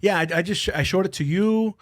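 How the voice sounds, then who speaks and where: A man in casual podcast chat, swearing freely and acting out what other people said in animated bursts. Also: sits high, fast talker, no room sound, studio quality. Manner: profane, animated, acts out quoted dialogue.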